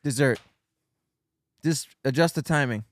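A man's voice: medium pitch, unhurried, heavy background noise. A man co-hosting a casual podcast chat, easygoing and a bit sheepish. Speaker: podcast co-host.

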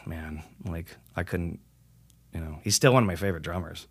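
A husky, low male voice talks fast and animatedly: a metal singer on a podcast, rambling through casual conversation, cursing freely and playing out what others said. Dry recording.

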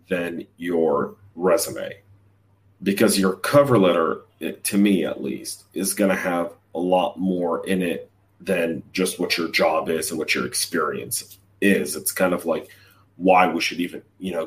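On a live chat show, a man acting as a hiring leader hands out blunt, emphatic career advice in a low, unhurried voice. He sounds distant from the microphone.

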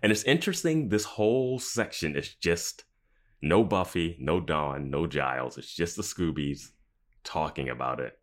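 A man's voice: very deep voice, animated, a little slow. A young man co-hosting a podcast, chatting casually, laughing often and thinking aloud with lots of fillers. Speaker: podcast co-host. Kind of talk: casual chat.

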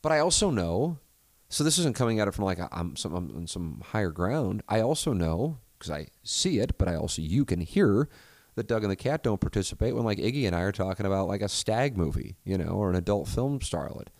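A man's voice: on the low side, animated, fairly quick, a little mellow, dry recording. A man hosting a podcast in casual chat, rambling, self-correcting and swearing freely. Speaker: podcast host.

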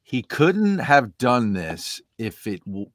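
A man co-hosting a casual talk, speaking hesitantly with many pauses and restarts. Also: mid-range voice, sing-song, a bit bright, no echo, studio quality. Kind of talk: casual chat.

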